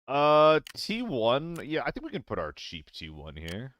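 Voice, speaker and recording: Young male streamer, casual and chatty, swears freely; smooth voice, dry close sound. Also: medium pitch, huge pitch swings, a little slow, few pauses, fairly bright tone, no room sound. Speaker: game streamer. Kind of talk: casual live-stream chat.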